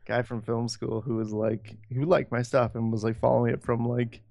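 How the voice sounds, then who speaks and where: A man's voice: mid-range voice, flat delivery, normal speed, creaky, a little mellow, no echo, clean studio sound. A man co-hosting a podcast, telling a rambling story in casual chat, laughing often and swearing freely. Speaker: podcast co-host.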